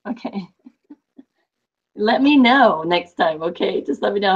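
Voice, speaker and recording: A woman's voice: medium pitch, lively intonation, slow, husky. A woman teaching a Spanish class online, explaining with chatty examples and asides to her students. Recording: dull lo-fi audio.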